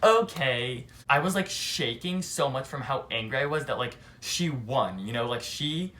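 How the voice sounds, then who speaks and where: Young man telling an animated story. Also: medium pitch, normal speed. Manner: animated, heavy use of "like". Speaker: vlogger. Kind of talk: casual storytime monologue.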